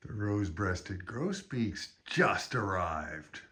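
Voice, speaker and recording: A man, a sheep farmer, chatting relaxed in a casual farm vlog outside in a pasture, talking to his animals, recorded on a handheld camera. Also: on the low side, slow, pauses often. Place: outdoor pasture among solar panels. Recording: noisy outdoor recording.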